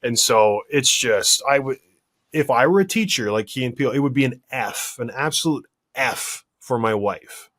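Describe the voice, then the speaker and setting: A man co-hosting a podcast, recounting a story with animated exasperation. His voice sits at an ordinary mid pitch. He rants a little and laughs at his own pettiness. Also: moderate pace. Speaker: podcast co-host. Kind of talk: casual podcast chat.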